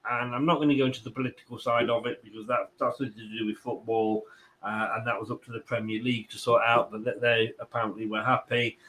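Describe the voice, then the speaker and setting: A man's voice: medium pitch, a bit bright. A man hosting a casual football chat, reading viewer comments, chatty and rambling, laughing often. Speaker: football channel host.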